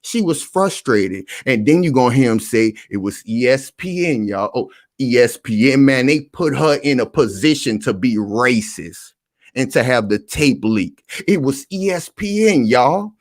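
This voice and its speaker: Animated man hosting reaction commentary. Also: mid-range voice, unhurried, no room sound, studio quality. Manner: animated, repetitive, addresses the audience directly. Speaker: online commentary host.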